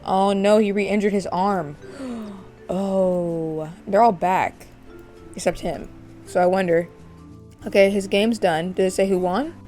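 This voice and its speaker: A woman's voice: mid-range voice, takes it slowly, dark tone, faint music behind. A woman hosting a gaming channel, narrating a life-sim let's play in a chatty way, speculating about her characters with gasps and laughs.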